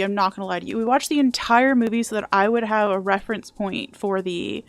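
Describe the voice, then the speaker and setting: A woman's voice: medium pitch, fairly even intonation, fairly quick, few pauses, dry recording. A young adult woman streaming a video game, chatting casually and sarcastically and swearing now and then. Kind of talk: casual live-stream chat.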